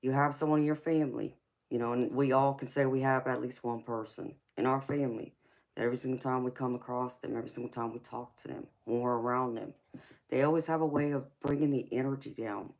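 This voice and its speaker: A woman's voice: a bass voice, fairly even intonation, fast talker, a little mellow. A woman, tired from little sleep, hosting a tarot livestream and talking affectionately with viewers, calling them honey and girlfriend. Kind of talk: casual livestream chat.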